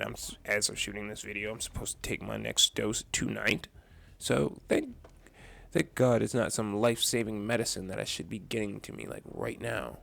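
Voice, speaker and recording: A man's voice: on the low side, vocal fry, fairly bright tone, slight background noise. A man vlogging an angry, profane rant about a bad customer experience, telling the story in a heated, exasperated way.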